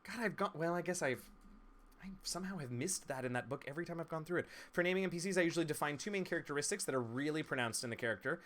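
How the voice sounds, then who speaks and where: A man from East Tennessee, a streamer and game master, in a casual live-stream chat, talking with crisp, trained stage diction in a chatty, playful way. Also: fairly high pitch, expressive, rapid-fire, fairly bright tone. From Southern United States, East Tennessee. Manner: chatty and playful, laughs easily.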